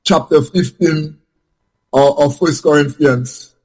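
A man's voice: fairly high pitch, steady tone, takes it slowly, a little mellow, husky. A man taking part in a Bible study discussion, explaining a point with many restarts and repeated words. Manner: hesitant, repeats words while searching for phrasing.

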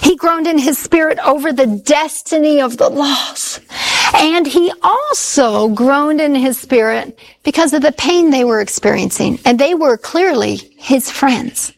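A woman's voice: high-pitched, expressive, measured pace, gravelly, poor audio. A woman preaching a sermon, telling stories earnestly and repeating key phrases for emphasis.

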